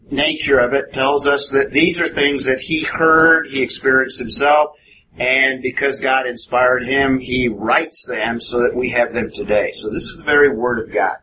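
Male Bible teacher, mid-pitched voice, steady explanatory delivery, noisy classroom tape. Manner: methodical, explanatory, asks the class questions. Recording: noisy room recording.

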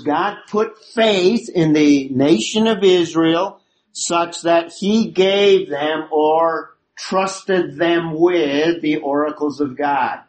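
A man with a slightly higher voice leads a Bible study lesson. He explains the passage step by step and keeps posing questions to the class as he goes. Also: darkish tone, rough recording.

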